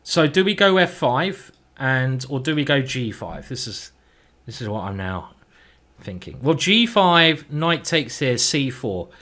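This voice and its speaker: Male chess streamer, chatty self-talk, mid pitch, a little sweary. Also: big pitch swings, measured pace, sharp tone. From England. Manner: chatty, thinking aloud, mildly sweary. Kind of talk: live game commentary.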